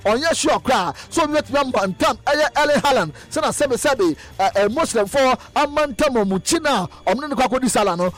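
A man presenting an animated football news roundup, excitable, repeating phrases in chanting bursts and mixing in English words. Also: very high-pitched, fast talker, few pauses, soft background music.

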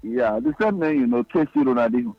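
A man's voice: mid-range voice, animated, fast, dry recording, soft background music. A man calling into a sports radio show, boastful and playful with a sing-song delivery. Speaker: radio caller. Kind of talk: casual call-in chat. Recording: dull, dry phone-in line.

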